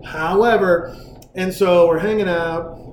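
A man's voice: fairly high pitch, brisk, reverberant. Man, casual podcast chat, profane storyteller, faint background noise. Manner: profane, animated storyteller acting out quotes. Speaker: podcast host.

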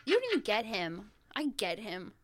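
A woman's voice: medium pitch, big pitch swings, moderate pace, no echo. Blunt teasing woman host. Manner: blunt, teasing, laughs often. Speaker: podcast host. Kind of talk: casual chat.

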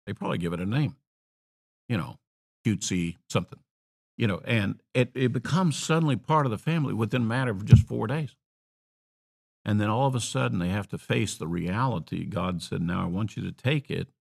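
A male preacher with a very deep, gravelly voice tells his sermon like a story. He builds to forceful high points, then drops into quiet side remarks, sounding loose and conversational rather than scripted.

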